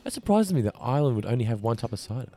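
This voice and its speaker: A podcast co-host who jumps in with quick quips and wraps up the show. He talks fast, and his pitch moves around a lot. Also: very animated, warm tone, soft background music. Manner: quick interjecting banter. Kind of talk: casual chat.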